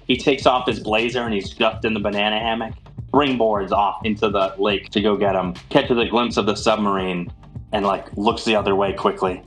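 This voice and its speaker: A man's voice: on the low side, steady tone, moderate pace, faint music behind. A man narrating as game master, loose and playful, often laughing.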